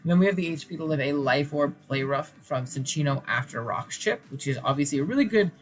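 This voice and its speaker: A man's voice: on the high side, fast talker. A tired man talking casually about his game plan late at night, mumbling and rambling with lots of fillers. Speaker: competitive player and channel host. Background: faint background music.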